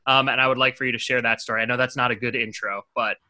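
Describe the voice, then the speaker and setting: Very bright-voiced joking podcast host. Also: male voice, medium pitch, little pitch movement, rapid-fire. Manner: rambling, jokey, enthusiastic. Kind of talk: casual chat.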